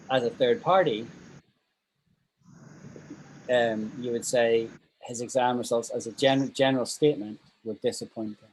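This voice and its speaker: A man teaching English over a video call, talking slowly and patiently as he spells out each sound. His voice sits at a middling pitch, with a faint hiss behind it. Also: darkish tone, poor audio. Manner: patient, slow drilling of pronunciation. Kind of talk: online English class.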